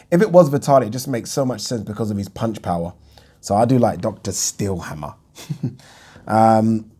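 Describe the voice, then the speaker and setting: A man's voice: mid-range voice, warm tone. A man hosting his own boxing Q&A, answering viewer questions in a frank, rambling way with many ums. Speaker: boxing YouTube host. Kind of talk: casual Q&A chat.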